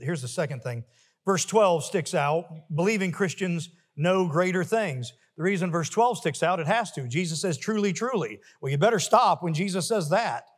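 A male pastor preaching a sermon emphatically, building to forceful refrains. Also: on the high side, breathy edge, long reverb tail. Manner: emphatic, rising to forceful peaks with repeated refrains. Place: church sanctuary.

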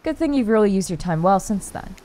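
A woman's voice: medium pitch, animated, fairly quick, mellow, lightly acted. A woman reading the lines of a snarky, teasing narrator in a dating game. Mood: wry.

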